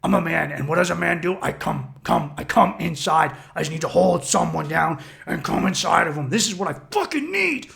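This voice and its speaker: A man voicing a crude, aggressive primal caveman voice inside his head, shouting and grunting in broken words. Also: a little high, animated, normal speed, gravelly, hardly any pauses, exaggerated voice. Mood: raging.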